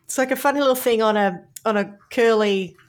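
A woman's voice: fairly high pitch, brisk. A middle-aged woman with an Australian accent, co-hosting a podcast in casual, chatty storytelling. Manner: chatty, acts out quoted voices with laughter. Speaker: podcast co-host.

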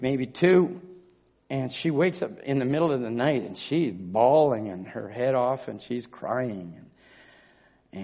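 A man telling a personal testimony in a sermon, moving from quiet storytelling to shouted preaching. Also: medium pitch. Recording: dull lo-fi recording.

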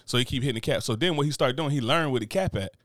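A man's voice: mid-range voice, rapid-fire, dry recording, clean studio sound. A middle-aged man in casual chat who tells stories with energy and acts out the people he quotes. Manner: animated storytelling, acts out quoted voices.

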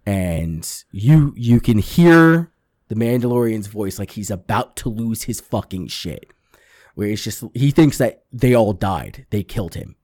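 An unhurried man with a lowish voice recaps a TV episode on his podcast, animatedly acting out the characters and swearing freely throughout. The sound is clean studio audio with no echo.

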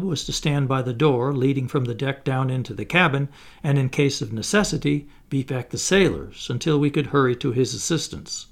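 Gravelly man reading an audiobook. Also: mid-range voice. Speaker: audiobook narrator. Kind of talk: scripted narration.

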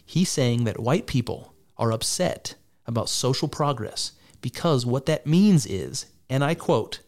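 A man's voice: mid-range voice, animated, a little slow, a little mellow. A man giving sarcastic, exasperated and profane reaction commentary on a debate. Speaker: political commentator.

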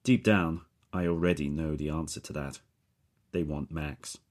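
A man narrating a first-person thriller audiobook in a measured, steady storytelling manner. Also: rumbling low.

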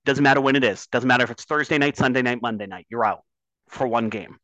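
A man's voice: medium pitch, quick pace, pushed and bright, dry recording, dull audio. Man, sports podcast co-host, impassioned, swears, dry close sound. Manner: impassioned, swears when worked up. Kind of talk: casual sports talk.

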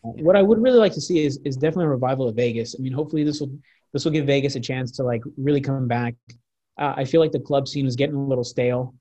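A young man in his twenties chatting as a guest, telling wild stories in a loose, rambling way full of restarts and fillers. His voice sits at an ordinary pitch for a man. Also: rapid-fire, mellow, highs cut off. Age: 20s. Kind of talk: casual storytelling chat.

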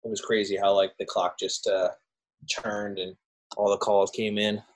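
A man co-hosting a podcast, chatting in a laid-back, even-tempered way. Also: fairly low pitch, moderate pace, a little hiss or hum, low-quality recording. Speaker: podcast co-host. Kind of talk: casual chat.

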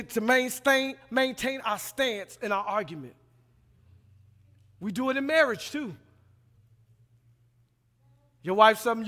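A man in his thirties preaching a sermon as a pastoral resident, swinging between loud emphatic passages and quiet asides, colloquial and acting out dialogue. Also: high voice. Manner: colloquial, plays out dialogue in voices. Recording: long hall reverb.

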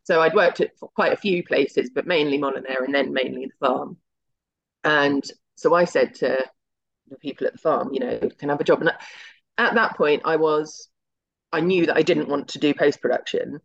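Chatty woman with gravelly fry. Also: low voice, normal speed. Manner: chatty and anecdotal, acts out quoted dialogue. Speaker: guest, television executive. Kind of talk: casual interview storytelling. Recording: slightly muffled lo-fi audio.

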